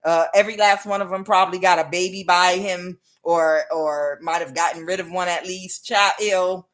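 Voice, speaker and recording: A woman's voice: lowish voice, fairly even intonation, normal speed, few pauses, a bit bright. Chatty middle-aged woman tarot reader. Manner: chatty, laughs often, addresses viewers as y'all. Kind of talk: casual tarot reading.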